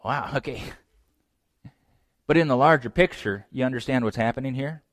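Male preacher, animated storytelling, acted voices, dry close sound. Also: mid-range voice, fast talker, dry recording. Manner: direct address to young men. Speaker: pastor. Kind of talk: sermon.

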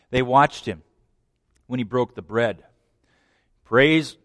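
A man preaching a sermon, dramatic, swinging between loud declarations and hushed lines. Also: mid-range voice, normal speed, pauses often, dry recording, clean studio sound.

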